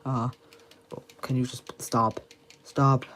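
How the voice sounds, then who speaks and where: A man's voice: medium pitch, fairly even intonation, normal speed, slight background noise. A tired young man doing casual let's play commentary, reacting bluntly and swearing often. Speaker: gamer.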